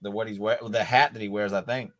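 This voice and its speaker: A man's voice: fairly low pitch, fairly even intonation, quick pace. A Scottish man co-hosting a live wrestling watch-along, joking and calling the action. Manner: joking, play-by-play calls. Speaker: podcast co-host.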